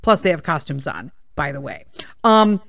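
A woman hosting a podcast, telling a story in a rambling, animated way and swearing freely. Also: sits low, moderate pace, gravelly, dry recording, studio quality. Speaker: podcast host. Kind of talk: casual storytelling monologue.

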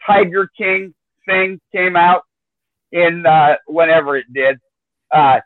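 Guy on a tinny phone-ish line, slightly high voice, drawly and hesitant with lots of uhs. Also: takes it slowly, no echo. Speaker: guest, chinchilla breeder. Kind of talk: casual chat.

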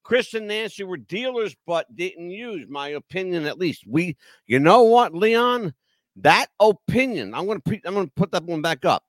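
A man's voice: high-pitched, very animated, moderate pace, no room sound. A man hosting a live talk show, brash and emphatic, cursing freely as he argues. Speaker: host.

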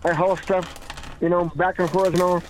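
A man's voice: sits high, flat delivery, moderate pace. A man chatting in a rambling, giggly way, often restarting his sentences and laughing. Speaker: podcast regular. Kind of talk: rambling casual chat. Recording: tinny phone-like sound.

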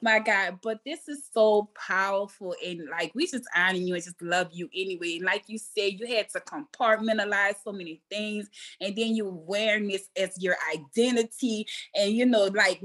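A woman's voice: medium pitch, moderate pace, a bit bright. A woman host with a New Orleans accent, interviewing with effusive, enthusiastic chatter. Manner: effusive, enthusiastic, calls guest girl and baby. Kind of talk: casual interview chat.

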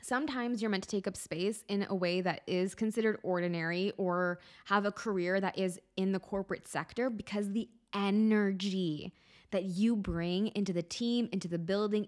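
A woman's voice: mid-range voice, steady tone, normal speed, a little mellow. A young woman hosting a solo podcast about life purpose, chatting casually and emotionally, close to tears, with lots of "like" and frequent swearing.

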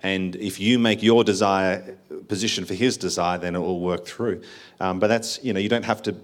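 Low-voiced pastor. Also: male voice, fairly even intonation, moderate pace. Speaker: pastor leading a meeting. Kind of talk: sermon-like encouragement.

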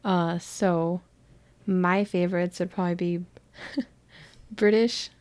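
A young woman from California co-hosting a book podcast, chatting casually and quickly with lots of "like" and laughter. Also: lowish voice, fairly even intonation, a little mellow, dry recording. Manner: talks fast, giggly, lots of "like". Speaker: podcast co-host. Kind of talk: casual chat, reading book descriptions.

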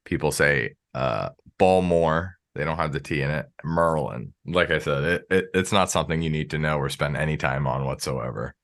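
American man, podcast host, deep voice, bright and forceful tone, rambling casual chat. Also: fairly quick, hardly any pauses. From United States. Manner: rambling, many filler words.

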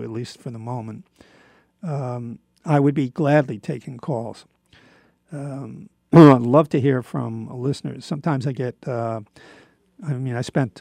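Older male radio host, gravelly voice, rambling chat with lots of ums, dry close sound. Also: mid-range voice, warm tone, no room sound. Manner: rambling, with many fillers and restarts. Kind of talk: casual monologue.

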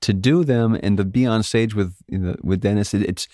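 A man from Alaska, a guest musician, telling stories in a casual interview, animated and jumping up high when he quotes others. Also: brisk, no echo, studio quality.

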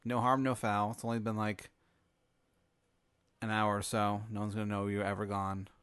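A man voicing a chummy, brash male alien who talks loud and pushy in a raised voice. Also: little pitch movement, moderate pace, smooth, no echo, lightly acted. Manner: loud, pushy, casual pitch.

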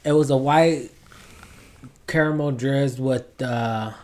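A man's voice: medium pitch, fairly even intonation, slow pace, a little mellow. Young male podcast co-host, casual and profane, loose storyteller. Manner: laid-back, swears a lot, rambling storyteller. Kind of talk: casual chat.

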